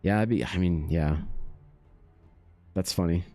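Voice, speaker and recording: A man's voice: deep voice, unhurried, darkish tone, soft background music. A man hosting an art live stream, chatting casually with his chat and rambling with lots of fillers. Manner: rambling, many fillers, reads chat aloud.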